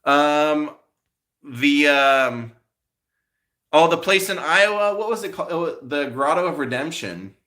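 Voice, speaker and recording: A man vlogging on a live stream chats casually with viewers and tells meandering stories, packed with restarts and fillers. His voice leans high, animated, bright and forceful, and he takes it slowly.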